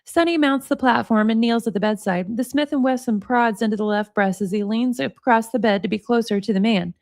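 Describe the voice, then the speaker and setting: Woman streamer, expressive reader, chatty asides, dry close sound. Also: on the high side, brisk, dry recording. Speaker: livestream host. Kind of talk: book reading with casual chat.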